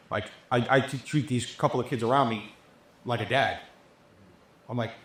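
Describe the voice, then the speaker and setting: Guy on a podcast telling stories, cussing a lot, mid pitch, roomy sound. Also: brisk. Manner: profane, animated, acts out quotes. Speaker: podcast guest, entertainment business owner. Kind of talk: casual interview storytelling. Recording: roomy echo.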